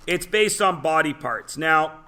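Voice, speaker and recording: A man's voice: a little high, lively intonation, measured pace, pushed and bright. A man teaching a classroom lesson, joking, telling stories and quizzing his students. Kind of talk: classroom lecture.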